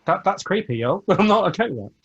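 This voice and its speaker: Male player, animated and lively, jokey chatter, dull lo-fi call sound. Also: sits high, quick pace, husky. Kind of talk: casual chat while playing a tabletop game.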